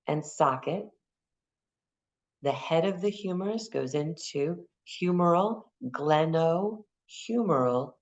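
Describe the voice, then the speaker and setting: A woman teaching an anatomy class for massage exam prep, lively and repeating key terms and memory aids. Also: low-pitched.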